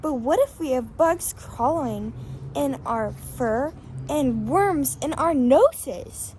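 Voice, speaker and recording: A woman's voice: high voice, lively intonation, slow pace, a little mellow, a little hiss or hum. A woman voicing a tender-hearted sheep. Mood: eager. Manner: eager, questioning, emotional. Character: caring, tender-hearted sheep who pities the neighbours. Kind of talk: amateur scripture drama.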